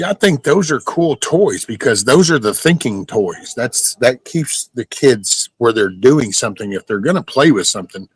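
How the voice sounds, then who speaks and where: A man hosts a laid-back live stream, wandering through stories while reading and answering viewer comments. He speaks at medium pitch, and the audio is rough, though free of echo.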